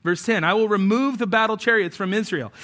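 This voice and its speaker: Man, pastor, sermon, high voice, casual and joking, acts out everyday scenes. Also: sharp tone. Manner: reads scripture aloud slowly.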